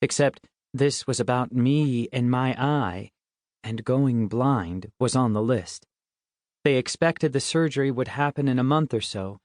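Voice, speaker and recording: A man's voice: mid-range voice, a little slow, darkish tone, no room sound, clean studio sound. A man reading a first-person middle-grade audiobook in a wry, conversational way. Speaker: audiobook narrator.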